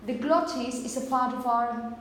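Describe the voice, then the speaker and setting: A woman's voice: a little high, fairly bright tone. Woman teaching in an echoey classroom. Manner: explains slowly with many repetitions and "okay?" checks. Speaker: phonetics teacher. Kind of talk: classroom lecture. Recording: echoey classroom with long reverb, faint hiss.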